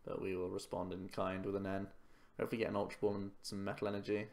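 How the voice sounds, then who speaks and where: A man with a low, gravelly voice talks through a card game as he plays. He mocks himself wryly and mutters to his viewers, tired and yawning, in loose, casual commentary. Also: monotone, fast talker, a little mellow. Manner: self-mocking, wry, talks to himself over the game. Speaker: card game channel host. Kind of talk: casual commentary while playing.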